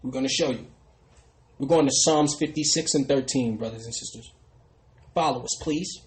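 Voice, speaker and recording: A man preaching a sermon who often trails off into a soft "brothers and sisters". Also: mid-range voice, normal speed, reverberant, poor audio. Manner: ends phrases with a dropping, quiet "brothers and sisters". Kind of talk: street sermon.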